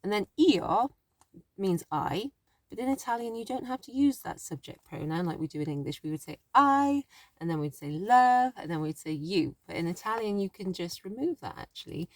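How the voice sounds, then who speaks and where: A woman's voice: mid-range voice, expressive, brisk, darkish tone, dry recording. A woman teaching a language lesson in a chatty, thinking-aloud way, often correcting herself as she explains. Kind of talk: casual spoken lesson.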